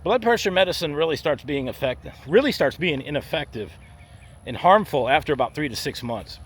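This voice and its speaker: A man's voice: on the high side, lively intonation, a little fast. A man, a firefighter paramedic, talking bluntly and emphatically to camera on a walk-and-talk vlog outdoors. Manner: blunt, emphatic, acts out body parts in voices. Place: outdoors in a theme park area. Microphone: handheld camera while walking. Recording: faint street and traffic noise outside.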